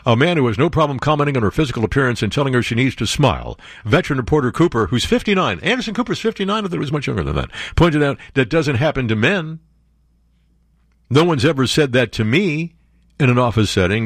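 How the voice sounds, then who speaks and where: A man's voice: medium pitch, no echo, studio quality. A man hosting a commentary show, reading news stories aloud and breaking in with sarcastic asides and jokes.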